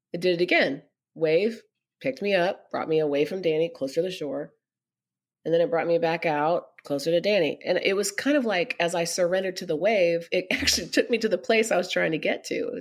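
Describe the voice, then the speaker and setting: Low-voiced woman telling her story. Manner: earnest, animated when quoting others. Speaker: podcast guest. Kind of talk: personal storytelling in an interview.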